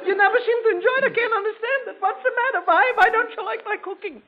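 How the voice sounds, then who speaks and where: A shrill whiny wife. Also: male voice, quick pace, some chatter behind. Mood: whining. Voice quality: high, whiny dialect comedy voice. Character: shrill fussy middle-aged wife, wounded. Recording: tinny 1940s radio broadcast.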